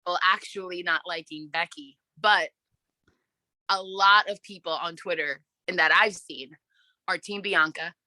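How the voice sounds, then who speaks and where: A woman hosting a casual wrestling podcast, excitable and swearing often, acting out her own reactions as she tells a story. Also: on the low side, measured pace, no room sound. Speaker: podcast host.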